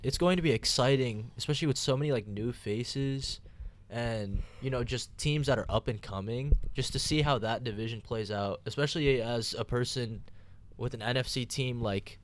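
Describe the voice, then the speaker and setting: A young man hosting a casual sports podcast, leading the talk with steady, rambling analysis. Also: mid-range voice, moderate pace, slight background noise. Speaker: podcast host.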